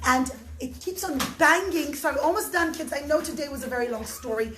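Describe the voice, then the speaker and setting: A high-pitched woman narrating a story for children, expressive and lively, stopping often to talk to the kids. Her voice rings in an echoey room with a faint noise behind. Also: brisk. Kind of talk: animated storytelling.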